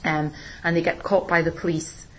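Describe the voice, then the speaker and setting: A woman teacher explaining a play in a relaxed discussion, with plenty of ums and restarts. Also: low voice, normal speed, slight background noise, low-quality recording. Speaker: English teacher. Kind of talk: recorded literature lesson discussion.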